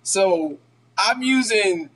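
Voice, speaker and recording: Young man, very high voice, bright tone, casual podcast storytelling, swears freely, acts out quotes. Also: lively intonation, extremely slow, breathy edge. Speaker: podcast co-host.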